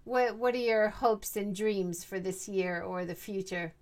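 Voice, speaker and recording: A woman's voice: medium pitch, a little slow. A woman interviewer asking casual questions and offering encouraging praise.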